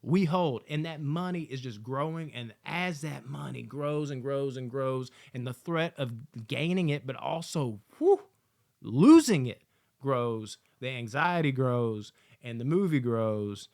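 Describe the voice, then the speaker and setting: A man giving a casual, excited movie review, swearing often and acting out lines from the film. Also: mid-range voice, a little slow, creaky, hardly any pauses. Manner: excited, profane, acts out quotes.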